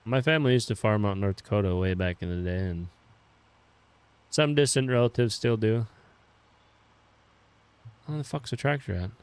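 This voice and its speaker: A young man casually chatting with viewers while playing a farming game, relaxed and swearing offhandedly. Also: fairly low pitch, moderate pace, long pauses, smooth. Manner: laid-back, swears casually, greets viewers by name. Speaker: game streamer. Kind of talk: casual live-stream chat while playing.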